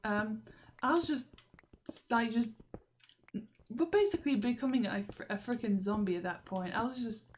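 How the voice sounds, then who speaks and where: A woman's voice: on the high side, normal speed, pauses often. A young woman, rambling and exasperated in a video diary, laughing often. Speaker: vlogger. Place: walking through a station.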